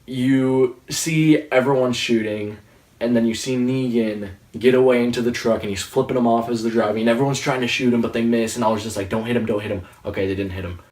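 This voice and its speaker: A man in his late teens giving a casual, excitable, rambling review of a TV episode. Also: medium pitch, brisk. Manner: excitable, rambling, with frequent restarts. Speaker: movie reviewer. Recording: roomy sound, distant from the mic.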